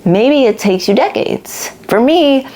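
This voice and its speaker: A candid, chatty woman works through ideas on self-discovery in a loose, conversational way. She swears casually, uses lots of filler, and slips into quick voices when quoting people. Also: fairly high pitch, expressive, mellow. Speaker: podcast host. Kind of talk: casual spiritual self-help talk.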